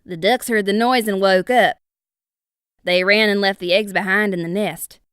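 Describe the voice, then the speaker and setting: A woman's voice: mid-range voice, steady tone, normal speed, clear, resonant tone, dry recording, studio quality, natural voice. A woman voicing a big, worried male beaver telling what happened. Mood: urgent. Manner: loud, urgent storytelling.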